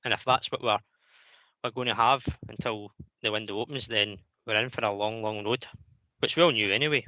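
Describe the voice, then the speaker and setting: A man hosting a football phone-in, giving steady, matter-of-fact match analysis. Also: fairly low pitch, fairly quick, dry recording, low-quality recording. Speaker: radio show host. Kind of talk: casual football chat.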